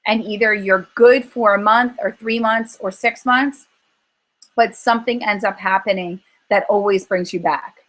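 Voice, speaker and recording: A woman's voice: mid-range voice, measured pace, low-quality recording. Earnest woman coaching by story. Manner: earnest, animated storytelling with acted-out inner voices. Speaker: weight-loss coach. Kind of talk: coaching talk on a group call.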